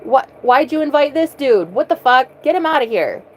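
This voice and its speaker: A woman's voice: high voice, animated, moderate pace, voice pushed up. Lady imitating angry guys, scornful, swearing. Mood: hostile. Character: hostile male group moderators, aggressive.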